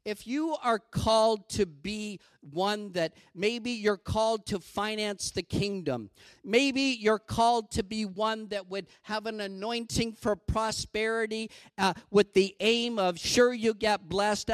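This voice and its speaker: High-voiced man preaching a sermon. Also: clean tone, no echo. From Canada. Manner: earnest, building to emphatic exhortation.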